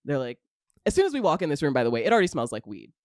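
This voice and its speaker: A woman in her thirties, a podcast guest, telling a story in casual chat, animated, acting out voices and laughing often. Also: sits low, racing, dry recording, clean studio sound.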